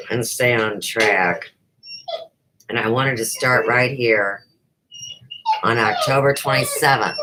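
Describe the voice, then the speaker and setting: A woman's voice: a bass voice, lively intonation, measured pace, a bit bright, a little hiss or hum, rough recording. A middle-aged woman hosting her own livestream show, talking off the cuff in an unrehearsed, rambling way that jumps from topic to topic. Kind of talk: unrehearsed casual livestream chat.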